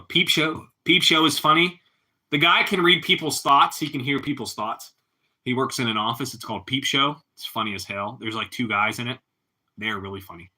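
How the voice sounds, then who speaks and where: Man with a very bright, sharp voice. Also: medium pitch. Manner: laid-back, laughs often, ends lines with bro and man. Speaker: livestreamer. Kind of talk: casual livestream chat with viewers.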